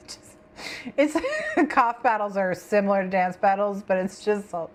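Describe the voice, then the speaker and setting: A woman's voice: medium pitch, animated, unhurried. A woman hosting a co-working stream, chatting with viewers and her cat, giggling and repeating herself. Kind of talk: casual stream chat.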